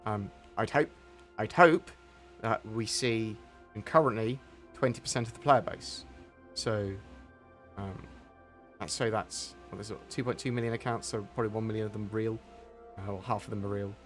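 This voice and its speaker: A man's voice: fairly low pitch, normal speed, a bit bright, soft background music. A man answering viewer questions on a live stream in a rambling, candid way, with some mild swearing.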